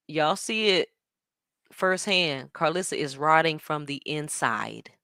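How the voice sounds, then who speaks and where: A woman hosting a show, talking in an animated, sassy way with plenty of slang while she reacts to a stream. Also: deep voice, slow, no room sound, studio quality. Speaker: show host. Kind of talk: casual commentary reacting to a stream.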